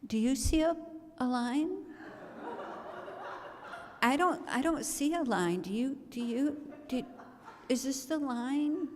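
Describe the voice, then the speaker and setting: A woman voicing puzzled tourists who stammer halting questions as they look for a line in the water. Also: sits high, expressive. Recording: long reverb of a large hall.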